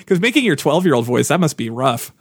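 A man co-hosting a podcast, chatting casually with quick jokes and asides. His voice sits a little high. The sound is dry and close, with no room around it. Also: slightly rough, dry recording. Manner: jokey, animated, quick asides. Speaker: podcast co-host. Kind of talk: casual chat.

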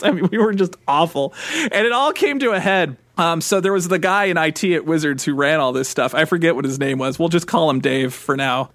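Man with a dry, close, higher voice. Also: fairly bright tone, no room sound. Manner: rambling, self-correcting, laughs often. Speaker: podcast co-host. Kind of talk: casual chat, storytelling.

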